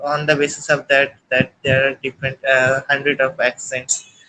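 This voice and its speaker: A man from India, a Bengali speaker, with an Indian English accent, talking haltingly on a video call as an English learner. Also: medium pitch, completely flat delivery, bright, forceful tone, poor audio. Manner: halting and hesitant, many restarts while searching for words.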